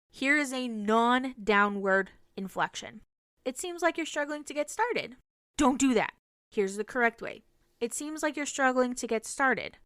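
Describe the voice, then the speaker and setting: A woman's voice: medium pitch, fairly bright tone, clean tone, no echo. A young woman teacher hosting a solo podcast, explaining classroom strategies in an earnest way. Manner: earnest, explanatory, demonstrates phrases.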